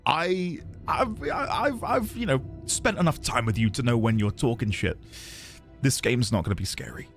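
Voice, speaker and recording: A man's voice: mid-range voice, lively intonation, moderate pace, gravelly. A young man streaming a game, chatting casually and reading his viewers' messages aloud with playful mock outrage. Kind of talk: casual live-stream chat greeting viewers. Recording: faint music underneath.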